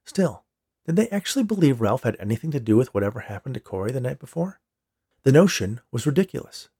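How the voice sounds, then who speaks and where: A man reading a story aloud with a steady storytelling delivery. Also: medium pitch, fast talker, breathy edge. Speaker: story reader. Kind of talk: audiobook narration.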